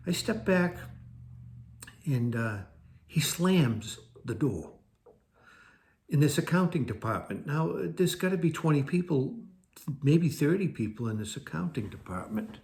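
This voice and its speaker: A man recounts his own past in a loose, conversational way. He circles back, repeats himself and fixes his words mid-sentence. His voice sits at an ordinary middle pitch. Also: a little mellow. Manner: rambling, conversational, with restarts and self-corrections. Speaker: storyteller. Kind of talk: personal recovery story told to camera.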